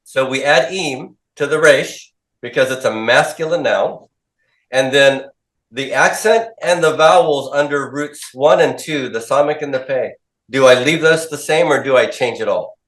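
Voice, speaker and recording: A man's voice: mid-range voice, a little slow, a bit bright. A man teaching a class, asking questions, drilling students and repeating their answers back. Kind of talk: classroom lecture with call-and-response drills. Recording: echoey classroom.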